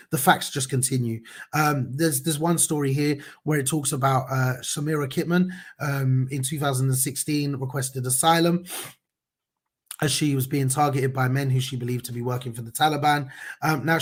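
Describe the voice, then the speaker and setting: A man hosts a casual news commentary, talking passionately and conversationally with many fillers and restarts. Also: medium pitch. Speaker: news show host.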